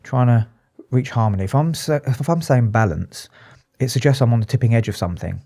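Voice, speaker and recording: Man, psychotherapist guest; candid, emotional, restarts a lot; mellow, dark voice. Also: medium pitch, gravelly. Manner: earnest, emotional, halting with restarts. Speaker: psychotherapist and addiction specialist, guest. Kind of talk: candid interview talk.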